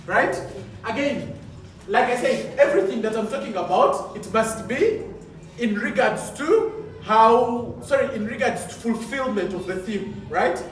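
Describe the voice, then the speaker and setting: A man's voice: extremely high pitch, unhurried, far from the mic, a little hiss or hum. Emphatic man coaching in an echoey hall. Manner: emphatic, repeats points with rhetorical questions. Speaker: poetry competition judge and trainer. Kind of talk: coaching talk to contestants.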